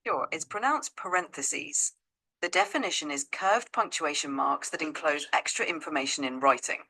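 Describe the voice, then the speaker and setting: An AI assistant with a woman's voice, patiently and encouragingly coaching pronunciation in a measured way. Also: deep voice, bright, forceful tone, rough recording.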